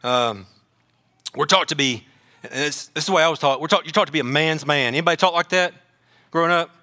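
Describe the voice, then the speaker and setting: Male pastor, bright and a bit high, lively sermon with jokes. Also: a little fast. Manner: animated, repeats words, joking asides.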